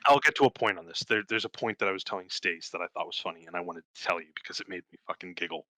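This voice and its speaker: A young man co-hosting a podcast, casually telling a profane, animated story and voicing the characters in it. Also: deep voice, rapid-fire, dry recording, low-quality recording. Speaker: podcast co-host. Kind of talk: casual chat.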